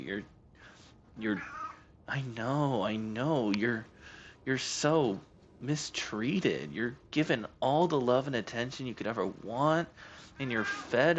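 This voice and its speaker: A man's voice: mid-range voice, expressive, slow, long pauses, lo-fi sound, slight background noise. A young man streaming a video game, chatting casually and joking with his cat. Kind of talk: casual live-stream chat.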